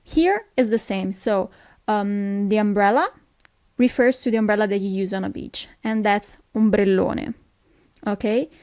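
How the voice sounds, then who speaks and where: A woman's voice: mid-range voice, a little slow, a little mellow, no room sound, studio quality. A woman from Italy with an Italian accent, teaching a language lesson, who explains things patiently and keeps checking in with "okay?".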